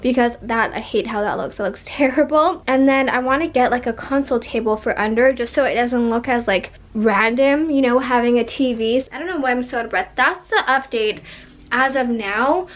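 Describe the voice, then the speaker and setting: A woman's voice: on the high side, moderate pace. A young woman in her twenties, rambling chattily with lots of "like" as she shows off her bedroom makeover in a casual home vlog. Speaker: vlogger.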